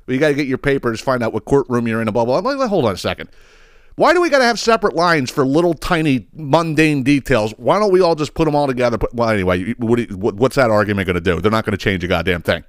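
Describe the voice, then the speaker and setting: A man's voice: mid-range voice, animated, fast talker, no echo, studio quality. A man hosting a podcast, telling a story as a profane, exasperated rant that rambles and repeats words. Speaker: podcast host.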